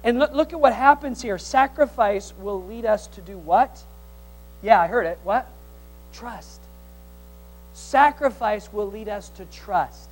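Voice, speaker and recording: A male pastor preaching a sermon, swinging from loud exhortation to hushed tones, with teasing humor and call-and-response. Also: high-pitched, expressive, unhurried, rough recording.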